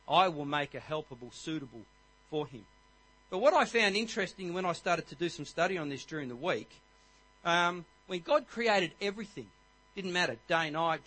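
A man in his forties giving a jokey, energetic church talk on marriage and rallying the congregation. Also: high-pitched, poor audio. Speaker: guest speaker at church.

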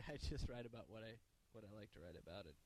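A man's voice: lowish voice, lively intonation, fairly quick, darkish tone. A man co-hosting a casual podcast, rambling through announcements with lots of fillers. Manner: rambling, filler-heavy delivery. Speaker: podcast co-host.

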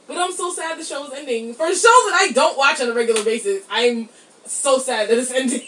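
A woman co-hosting a podcast in casual chat, giggly and animated, swearing freely. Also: high voice, a little fast, far from the mic, a little hiss or hum. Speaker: podcast co-host. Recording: roomy, from off the mic, faint ambience.

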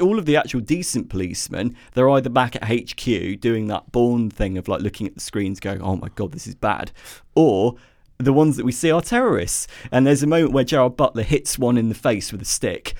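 A man's voice: medium pitch, animated, brisk, a little mellow, no echo, clean studio sound. A man co-hosting a podcast, sarcastically tearing into a movie with lots of ums and restarts. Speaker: podcast co-host. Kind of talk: casual film review chat.

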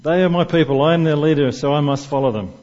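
A man's voice: on the high side, moderate pace, darkish tone, dull audio, natural voice. A man putting on a pompous declaiming politician. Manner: grandiose, statesman-like.

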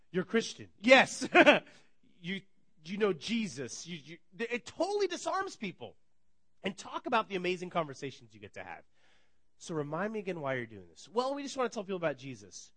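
A man's voice: sits high, no echo. A man in his thirties preaching a sermon, telling stories with energy, acting out conversations and laughing often. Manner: energetic storytelling, acts out dialogue, laughs often. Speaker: pastor.

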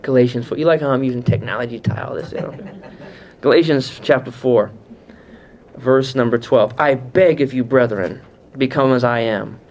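A man teaching a Bible class in an animated, conversational way, often putting questions to his listeners. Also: medium pitch, normal speed. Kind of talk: teaching sermon. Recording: muffled lo-fi sound.

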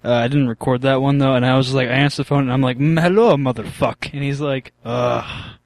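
A man's voice: mid-range voice, flat delivery, very fast, dry recording. A young man hosting a podcast, telling crude rambling stories in casual chat and slipping into silly voices. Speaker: podcast host.

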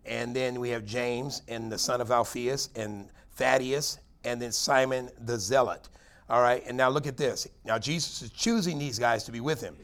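A middle-aged man, a longtime pastor, preaching a Bible study sermon in a folksy, conversational way, with sudden high, loud bursts for emphasis. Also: moderate pace.

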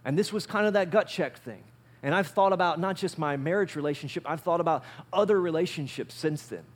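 A male pastor preaching a sermon in a relaxed, conversational way, with a fairly high-pitched voice. He repeats his phrases and moves between loud, punchy lines and quiet asides. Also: fairly quick.

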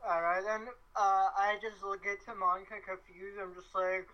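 A woman's voice: mid-range voice, little pitch movement, moderate pace, highs cut off. A woman player in a tabletop game, eager and hesitant, full of fillers. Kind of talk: casual tabletop game chat.

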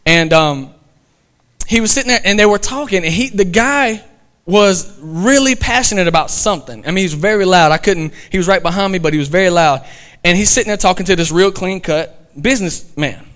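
Male pastor, high voice, storytelling sermon, emphatic. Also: fairly quick, fairly bright tone. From American South. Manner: storytelling, rising to emphatic preaching.

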